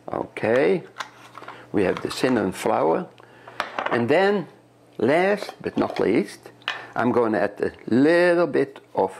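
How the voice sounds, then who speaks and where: Man from Europe, chef, cooking demo, gravelly voice, lively rising and falling pitch. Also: noisy background. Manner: chatty, step-by-step instruction, repeats words. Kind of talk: cooking demonstration. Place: kitchen.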